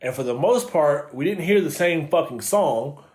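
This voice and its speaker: A man's voice: a little high, lively intonation, normal speed, darkish tone. A man co-hosting a casual TV review, recapping scenes with lots of swearing and acting out the characters' lines. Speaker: co-host reviewing a TV series. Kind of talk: casual chat.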